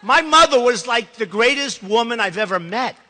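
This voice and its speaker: Male political candidate, campaign speech, emphatic and repetitive, bright voice, reverberant large hall. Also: very high-pitched, lively intonation, normal speed, a little hiss or hum. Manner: emphatic and rambling, repeats himself. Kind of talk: campaign speech to a live audience.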